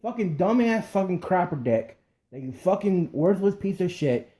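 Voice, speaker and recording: A man's voice: sits high, lively intonation, normal speed, mellow. A man co-hosting a talk show, chatting casually and cursing as he gripes. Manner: profane, joins in the griping. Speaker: podcast co-host. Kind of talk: casual chat.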